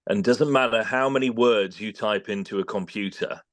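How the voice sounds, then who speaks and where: A man's voice: fairly low pitch, normal speed, dry recording. A man with a British accent, a voice-over artist chatting in an interview and acting out studio exchanges. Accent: British English. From England. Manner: animated, acts out studio exchanges in quoted voices. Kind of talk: casual interview chat.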